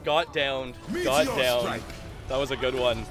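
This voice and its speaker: A Canadian man giving live commentary on his own gameplay, excitable and quick to laugh, shouting at big plays. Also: medium pitch. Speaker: streamer. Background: game music.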